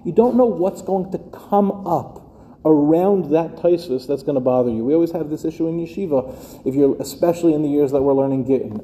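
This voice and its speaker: A man's voice: a little high, mellow, long reverb tail. A middle-aged man, a rabbi teaching a class of educators, who talks conversationally and keeps asking his listeners rhetorical questions. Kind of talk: lecture to a live class.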